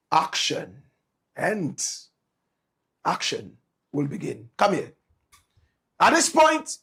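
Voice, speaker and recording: A Ghanaian man with a Ghanaian English accent hosting his show, opening with a flamboyant, repetitive, preacher-like patter and a sponsor pitch. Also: husky. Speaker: show host.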